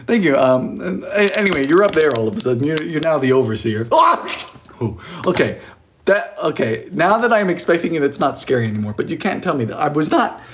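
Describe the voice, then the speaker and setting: Young male cooking streamer, playful and chatty, pitch jumping all over, home kitchen. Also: fairly quick, slight background noise. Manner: animated, playful, thanks viewers often. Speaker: cooking livestream host. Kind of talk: chatty live cooking stream, reading viewer comments.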